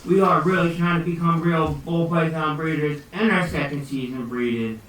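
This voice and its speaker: A young man chatting loosely through an unboxing vlog in his home kitchen, often breaking into loud exclamations. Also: fairly high pitch, fairly even intonation, normal speed. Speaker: hobby snake breeder vlogger. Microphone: phone camera set across the room. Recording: echoey, distant and noisy room sound.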